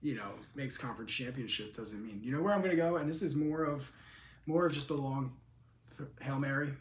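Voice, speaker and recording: A man co-hosting a podcast, casually steering a football chat with questions, relaxed and easygoing. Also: medium pitch, a little fast, reverberant, a little hiss or hum. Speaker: podcast co-host.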